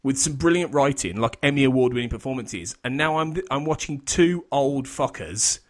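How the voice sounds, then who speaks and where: Brief: male podcast host, mid-pitched, loose, rambling chat full of restarts and laughs. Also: expressive, moderate pace. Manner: rambling, self-interrupting, laughs often.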